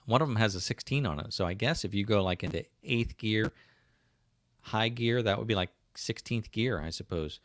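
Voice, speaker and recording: A man with a South Jersey accent talks loosely on a livestream, his voice sitting low and the sound dry and close. He rambles with lots of fillers and restarts, reading viewer comments aloud as he goes. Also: moderate pace, fairly bright tone, no echo. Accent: South Jersey / Philadelphia. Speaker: livestream host. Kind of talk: casual livestream chat.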